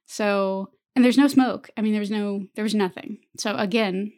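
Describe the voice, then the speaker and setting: Her voice is mid-range and darkish, with fairly even intonation and a moderate pace, as this young podcast co-host chats casually, telling stories and laughing a lot.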